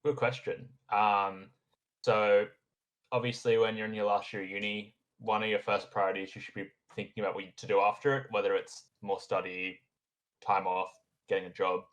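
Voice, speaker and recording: A man's voice: lowish voice, level tone, normal speed, fairly bright tone. A young man, a podcast guest chatting casually about graduate life, rambling a little with frequent fillers and restarts. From Australia. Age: young adult. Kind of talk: casual conversation.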